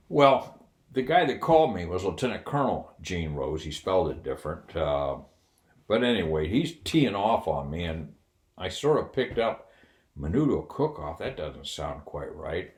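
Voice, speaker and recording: A man's voice: low-pitched, sing-song, moderate pace. An older man, a retired officer, telling a wry anecdote in a casual, candid way with fillers and chuckles. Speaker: retired Air Force officer telling a story. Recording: roomy echo.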